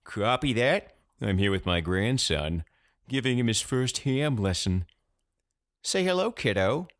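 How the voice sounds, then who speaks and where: A man voicing a cranky, gruff grandfather who grumbles and swears in a folksy way. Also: lowish voice, expressive, a little slow, voice pushed up.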